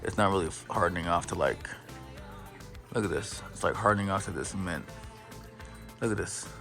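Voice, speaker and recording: A man's voice: low voice, normal speed, gravelly, over music. A young man giving a casual, playful tour of his plant collection, full of slang and hype. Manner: playful, hyped, slangy, breaks into silly voices.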